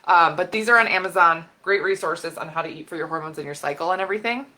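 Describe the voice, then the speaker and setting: A woman health expert giving an animated talk on camera, getting fired up and laughing as she explains while sketching on a board. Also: fairly low pitch, fast talker. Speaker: women's health and hormone expert. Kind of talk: educational video talk.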